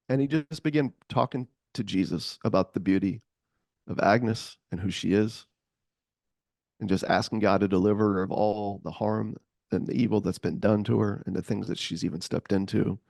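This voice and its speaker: Gravelly man telling a story. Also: lowish voice, moderate pace, long pauses, no echo, clean studio sound. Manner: animated, acts out voices. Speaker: podcast co-host. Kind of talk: casual storytelling.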